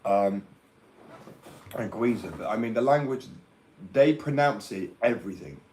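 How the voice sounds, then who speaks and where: A man's voice: on the low side, animated, measured pace, a little mellow, a little hiss or hum, poor audio. A young man with an English accent, talking in a brash, rambling casual rant and swearing freely. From England.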